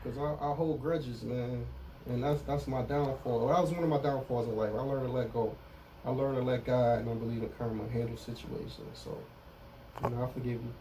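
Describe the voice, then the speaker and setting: A man's voice: mid-range voice, steady tone, a little fast, dark tone, distant mic, a little hiss or hum, rough recording. A middle-aged man speaking candidly as an interview guest in street slang, often saying "you know what I'm saying". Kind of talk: casual interview about prison time.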